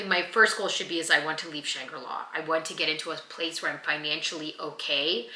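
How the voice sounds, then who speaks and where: A young woman vlogs at home in an earnest, rambling way as she looks back on her year. Her voice sits fairly low but sounds very bright and tense. The room around her is echoey. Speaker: vlogger and actor. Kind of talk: casual year-end vlog.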